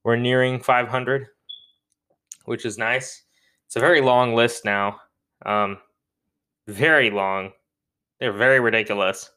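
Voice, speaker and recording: A man's voice: medium pitch, steady tone, takes it slowly, pauses often, bright, forceful tone, smooth. A man hosting a podcast, wrapping up in a casual, rambling way and correcting himself as he goes. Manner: rambling, self-correcting, joking. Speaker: podcast host.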